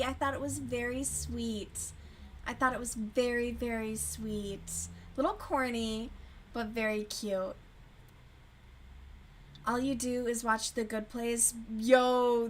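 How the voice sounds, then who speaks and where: A woman with a somewhat high voice chats casually on a livestream as she crochets. She talks loosely, swears freely and replies to her viewers' messages as they come in. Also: steady tone, slow pace, a bit bright, a little hiss or hum. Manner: chatty, swears freely, answers chat aloud. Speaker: livestream host. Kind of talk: casual chat while crocheting.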